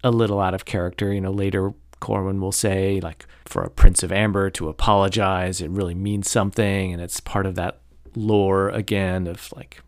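Low-voiced man in casual chat. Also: flat delivery, moderate pace, no echo, studio quality. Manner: rambling, many fillers and hedges; critical, opinionated commentary. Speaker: podcast host discussing a novel.

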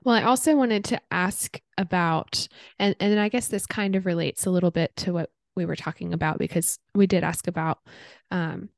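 Young woman, podcast host, thoughtful, searching for words, low voice, dry sound. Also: fairly even intonation, moderate pace, gravelly, no room sound. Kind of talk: casual conversation.

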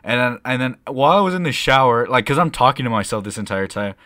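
A young man co-hosting a casual podcast, telling a rambling story with lots of swearing and excitable bursts. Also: medium pitch, quick pace, no room sound, studio quality. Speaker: podcast co-host. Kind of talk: casual chat.

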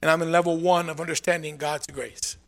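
A man preaching a sermon as pastor, emphatic and repetitive, with sudden loud swells. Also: a little high, level tone, a little fast, vocal fry.

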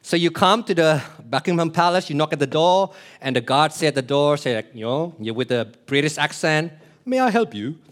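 A man's voice: a little high, brisk, hardly any pauses, a bit bright. A man preaching a sermon, explaining earnestly, repeating key phrases and asking the congregation questions. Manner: plays short voices in his illustrations.

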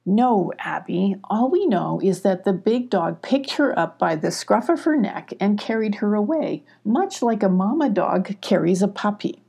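A woman voicing a calm, gentle dog. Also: mid-range voice, vocal fry, husky, exaggerated voice. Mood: soothing. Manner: slow, soothing.

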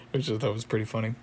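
Flat-voiced young man rambling through a recap. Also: on the low side, breathy edge. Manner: rambling, many fillers, chuckles at the plot. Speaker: show recapper. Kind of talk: casual episode recap.

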